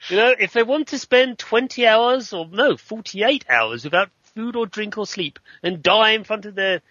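A man on a gaming podcast panel, talking in animated, emphatic complaint. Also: high-pitched, normal speed, dry recording, dull audio. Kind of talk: casual chat.

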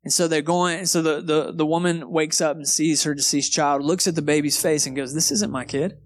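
A man's voice: on the high side, level tone, normal speed. A man preaching a sermon in a church in a casual, conversational way, peppering his talk with "man" and "okay". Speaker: pastor. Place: church sanctuary. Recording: live church recording with loud guitar behind. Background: soft guitar music.

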